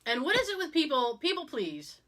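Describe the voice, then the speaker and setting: A woman co-hosting a casual podcast, telling stories in an animated way and acting out the people she quotes. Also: high voice, fairly quick. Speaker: podcast co-host. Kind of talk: casual chat, storytelling.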